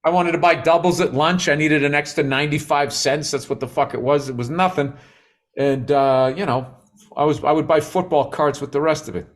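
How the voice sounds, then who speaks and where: A middle-aged man in casual podcast chat, blunt and profane, with a joking edge. His voice sits a little high for a man. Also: fairly even intonation, brisk. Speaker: podcast co-host.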